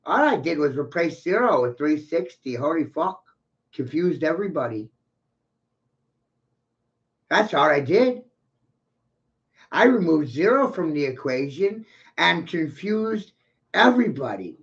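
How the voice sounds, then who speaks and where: A man in a rambling, profane, boastful monologue, ranting with bursts of loud laughter, on a dull lo-fi recording. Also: a little high, sing-song, a little slow, long pauses. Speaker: vlogger.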